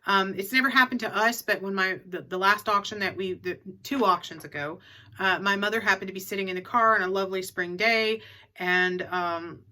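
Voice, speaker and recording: A woman's voice: medium pitch, fairly even intonation, a little fast, pushed and bright. A middle-aged woman in a casual advice vlog, chatty and repeating her key tips for emphasis. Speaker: reseller vlogger.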